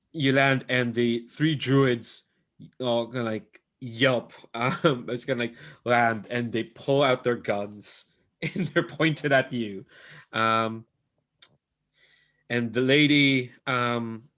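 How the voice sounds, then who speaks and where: A man's voice: medium pitch, steady tone, takes it slowly, long pauses, a bit bright. A man running a tabletop game as game master, rambling with many fillers and laughing often. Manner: rambling, full of ums and likes, laughs often. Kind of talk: casual tabletop game narration.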